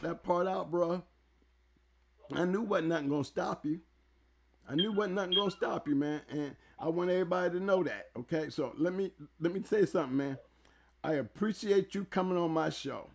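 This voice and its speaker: A man hosting a casual talk show interview, excitable and loud, often repeating words as he speaks into a close mic. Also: sits high, moderate pace, creaky. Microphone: handheld mic held close.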